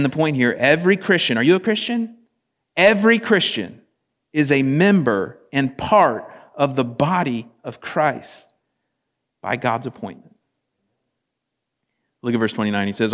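A man preaching a sermon in a conversational, animated way, often speaking in quoted voices. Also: normal speed, long reverb tail. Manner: conversational, animated, acts out quotes with rising pitch. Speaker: pastor.

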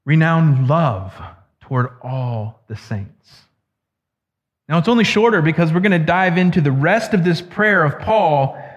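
A man preaching a sermon as pastor, earnest and slowing down to stress key words. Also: on the high side. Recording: echoey hall, dull lo-fi sound.

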